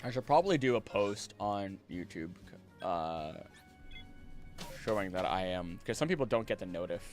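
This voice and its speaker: A man streaming a game and chatting casually, rambling and animated, now and then slipping into playful voices. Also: low voice, normal speed, soft background music. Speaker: streamer and voice actor.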